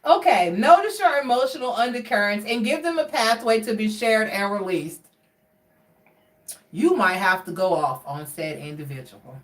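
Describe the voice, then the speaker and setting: A woman giving a casual tarot reading, chatty and expressive as she talks straight to her viewers. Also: mid-range voice, moderate pace, far from the mic. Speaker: tarot card reader. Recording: roomy sound from away from the mic.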